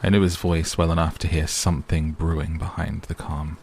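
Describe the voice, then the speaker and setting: Deep, gravelly male bedtime narrator. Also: flat delivery, brisk, darkish tone, slight background noise. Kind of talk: bedtime story reading. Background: faint rain.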